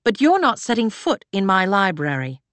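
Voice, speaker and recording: A woman voicing a fierce, battered woman librarian who talks in a sharp, snarling way that cracks with emotion. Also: medium pitch, very animated, moderate pace, no echo. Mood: furious.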